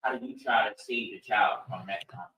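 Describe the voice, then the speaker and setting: A man from the congregation asks a question in a halting, hesitant way. His voice has a bright edge. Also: fairly low pitch, poor audio. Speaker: congregation member asking a question.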